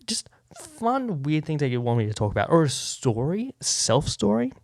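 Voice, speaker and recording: A man's voice: on the high side, big pitch swings, fairly quick, gravelly, a little mellow, dry recording. A young adult man hosting his own podcast, chatting casually, swearing freely and laughing at his own remarks. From Australia. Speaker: podcast host. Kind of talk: casual solo podcast chat. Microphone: podcast microphone.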